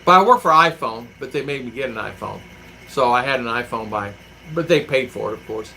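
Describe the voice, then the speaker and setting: A man's voice: medium pitch, expressive, a little fast, gravelly, pushed and bright, slight background noise, low-quality recording. A man chatting casually on a livestream, reading out chat comments and rambling through stories with acted-out quotes. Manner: rambling storyteller who acts out quotes. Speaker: vlogger living abroad, reading live chat.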